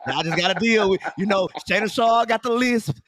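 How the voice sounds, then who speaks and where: A man's voice: high-pitched, brisk, noisy background. A man with a Southern US country accent, a good-humored panelist on a sports talk show.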